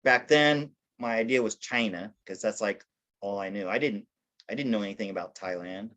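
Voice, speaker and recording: Over a video call, a man with a fairly low, slightly bright voice recounts his life at a normal speed in a casual interview. He rambles, keeps restarting and self-correcting, and pokes fun at himself with laughter.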